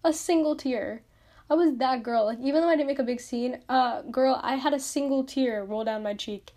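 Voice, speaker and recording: Young female podcast host, chatty storyteller, pitched a bit high, heavy on "like". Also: fairly quick, dark tone. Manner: chatty, lots of "like", self-mocking. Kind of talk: casual storytelling monologue.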